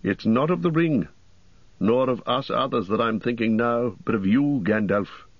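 A man's voice: mid-range voice, expressive, moderate pace, no echo, muffled recording. A man voicing a grim, weary human ranger who speaks heavily and seriously. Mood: grave.

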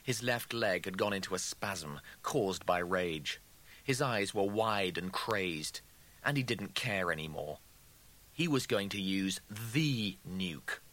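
A man narrating an audiobook in a deliberate, dramatic storytelling style. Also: sits low, bright, forceful tone.

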